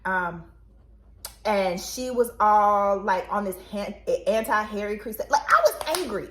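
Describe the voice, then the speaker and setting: A woman co-hosting a book channel, chatting casually and telling rambling, animated stories. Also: mid-range voice, reverberant.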